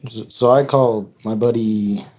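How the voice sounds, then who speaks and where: A young man, a guest in a casual family conversation, speaking in a laconic, low-key way. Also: fairly even intonation, moderate pace, a little mellow. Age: young adult.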